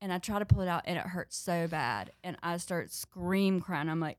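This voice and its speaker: A woman comedian from North Carolina, telling a story in casual chat, animated, laughing often and acting out quotes. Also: fairly low pitch, brisk, few pauses, dry recording, studio quality. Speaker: comedian guest.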